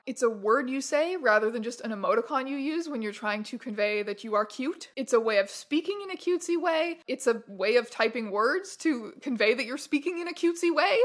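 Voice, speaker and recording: A woman hosting a casual internet-culture commentary vlog, talking in an animated, emphatic and playful way. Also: a little high. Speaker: YouTube host.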